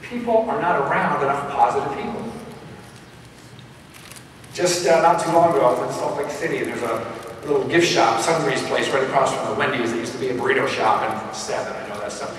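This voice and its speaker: A man giving a live motivational keynote, punchy and energetic, talking straight to the crowd. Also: medium pitch, brisk, a little hiss or hum. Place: large event hall. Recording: echoey hall recorded from far off.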